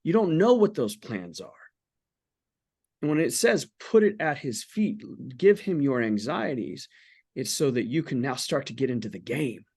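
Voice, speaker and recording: A man in his forties speaks candidly about faith as a podcast guest. His voice sits at an ordinary middle pitch. He is earnest and blunt and swears casually. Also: sing-song, normal speed, darkish tone, slightly rough. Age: 40s.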